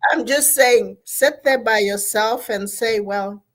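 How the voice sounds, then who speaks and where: Woman therapist, unhurried, emphatic motivational speaker. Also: on the high side, fairly bright tone. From Zambia. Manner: emphatic, repeats and spells out key words. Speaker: therapist speaking at an online gathering. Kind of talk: motivational talk on mental health.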